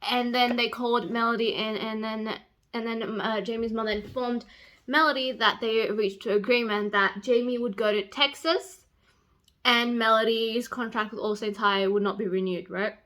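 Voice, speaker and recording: A young woman talks to her camera in a casual reading vlog. Her voice sits a little high and sounds bright and forceful. She swears freely, and her delivery lurches between loud outbursts and hushed whispers. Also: fairly even intonation, normal speed. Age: young adult. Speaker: book vlogger.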